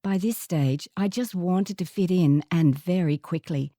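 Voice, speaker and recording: An older Australian woman reads a first-person story in a measured, reflective way. Her voice is mellow and dark-toned, and the recording is close and dry with no room sound. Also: lowish voice, no room sound. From Northern England, raised in Queensland.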